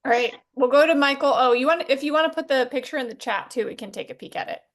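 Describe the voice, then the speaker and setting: A woman moderating a video call Q&A, briskly calling on people. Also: high-pitched. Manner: brisk and organizing.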